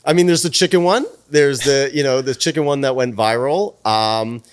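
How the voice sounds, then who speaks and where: A man who is a guest on a podcast, telling stories in a casual, animated way, swearing freely and acting out the dialogue. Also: mid-range voice, normal speed, clear, resonant tone. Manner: animated, profane, plays out dialogue. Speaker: podcast guest, PR firm president. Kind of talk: casual storytelling.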